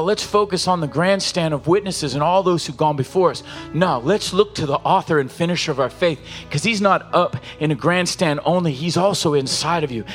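A man preaching a sermon as pastor, exhorting the congregation with repeated calls and rising, falling intensity. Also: a little high. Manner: impassioned preaching with call-and-response exhortations.

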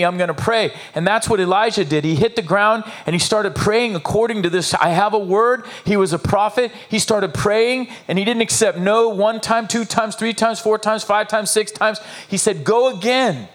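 A male pastor preaches in a fairly high voice. He is emphatic and animated, circling back on his phrases and throwing questions out to his listeners. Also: moderate pace, few pauses. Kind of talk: sermon.

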